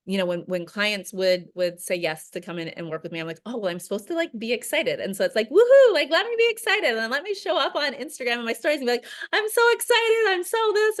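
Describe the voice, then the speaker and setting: Woman coach on a video call, earnest and reflective, says "like" a lot, slightly low voice. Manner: earnest, reflective, heavy use of "like".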